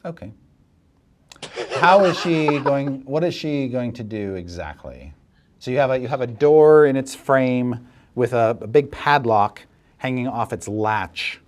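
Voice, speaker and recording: A man serving as dungeon master, narrating a tabletop game in a relaxed, chuckling way with many fillers. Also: medium pitch, a little slow.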